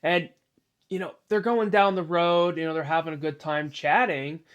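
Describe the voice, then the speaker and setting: Male storyteller, slightly high voice, rambling improvised narration with lots of "you know.". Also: fairly even intonation, moderate pace, lo-fi sound.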